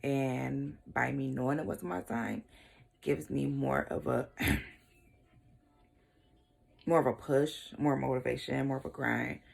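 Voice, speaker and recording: Low, gravelly-voiced young woman vlogger. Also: a little slow, long pauses. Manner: casual, shrugging asides like "blah, blah" and "whatever". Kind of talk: candid personal storytelling.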